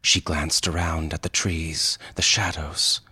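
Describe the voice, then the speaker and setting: Slow, deep, husky male narrator. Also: flat delivery, bright, forceful tone, no echo. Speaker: story narrator. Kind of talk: scripted narration.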